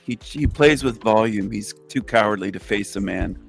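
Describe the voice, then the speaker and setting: A man calling into an online voice chat, taunting another caller in a flat, mocking, repetitive way. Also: fairly low pitch, moderate pace, creaky, faint music behind. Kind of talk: trolling taunts.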